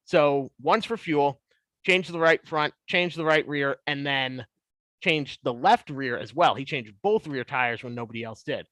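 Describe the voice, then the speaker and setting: A man in his twenties, a podcast guest, telling stories in a casual, animated way. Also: medium pitch, a little slow, dry recording. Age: 20s. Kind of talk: casual storytelling.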